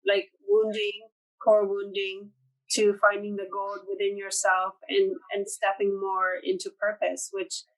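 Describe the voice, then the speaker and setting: A woman's voice: mid-range voice, monotone, a little slow, low-quality recording. A woman hosting a casual interview, reflective and supportive, with frequent fillers. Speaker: host.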